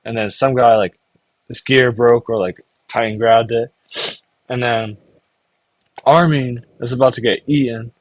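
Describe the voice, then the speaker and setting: Casual male reviewer, middle pitch, dry sound, loose filler-heavy storytelling that slips into quick character bits. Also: steady tone, dry recording. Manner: rambling, filler-heavy, full of "like"; briefly acts out characters' lines. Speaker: anime reviewer. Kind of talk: casual episode recap.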